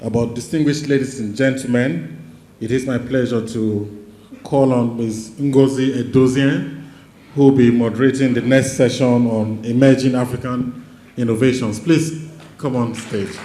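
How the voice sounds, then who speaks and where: A man speaks slowly and formally as the master of ceremonies, his voice mellow and a little dark. The sound carries the echo of a large conference hall. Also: mid-range voice. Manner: slow, formal, with pauses. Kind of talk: formal event announcing. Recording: echoey hall.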